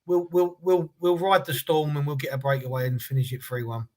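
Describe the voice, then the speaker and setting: A man with a fairly high voice co-hosts a casual football watch-along. He reacts to the match with animated chat and plenty of swearing. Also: a little fast.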